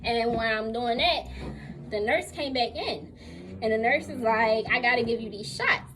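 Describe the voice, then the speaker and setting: A young woman telling a casual storytime to her viewers, candid and slangy, animated as she retells what happened. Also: a little high, moderate pace, music in the background, low-quality recording. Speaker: vlogger.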